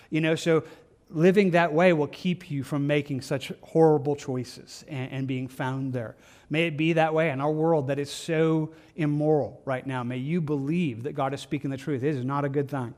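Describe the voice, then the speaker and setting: A man's voice: a little high, steady tone, a little mellow. A man teaching through Bible verses in a loose, conversational way, often restarting his sentences. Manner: conversational, halting with frequent restarts and fillers. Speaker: pastor.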